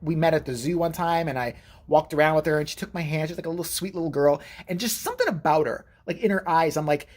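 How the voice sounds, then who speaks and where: A man telling a story in a casual vlog, profane and animated, jumping into the voices of the people he quotes. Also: a little high, quick pace.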